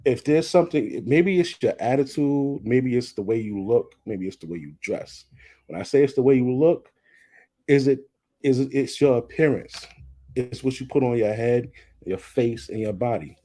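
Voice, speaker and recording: Blunt, husky-voiced man ranting casually. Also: medium pitch, animated, normal speed, dark tone. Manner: blunt, profane, worked up, repeats himself. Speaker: commentary vlogger. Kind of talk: casual commentary.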